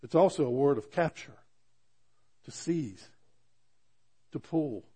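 A man's voice: fairly high pitch, expressive, takes it slowly, dark tone, breathy edge. A middle-aged man preaching a sermon, reading scripture aloud, asking the congregation questions, and often stammering and restarting.

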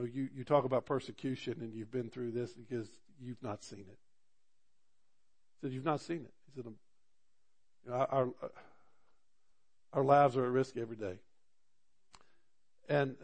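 A man delivers a sermon as a personal story. His tone is earnest and conversational, and it swells into fervent emphasis on key points. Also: mid-range voice. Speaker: pastor.

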